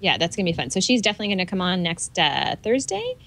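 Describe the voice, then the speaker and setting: A woman co-hosting a tech talk show in casual chat, brisk and organized with some playful teasing. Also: lowish voice, big pitch swings, a bit bright. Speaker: podcast co-host.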